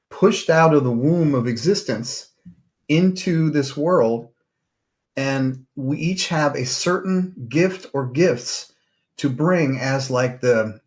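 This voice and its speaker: A male psychotherapist hosts his podcast and tells a story. His voice sits at an ordinary middle pitch. He talks off the cuff, with plenty of ums, uhs and restarts as he works his way through the tale. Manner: loose, rambling delivery with many fillers and restarts. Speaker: podcast host. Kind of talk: storytelling monologue.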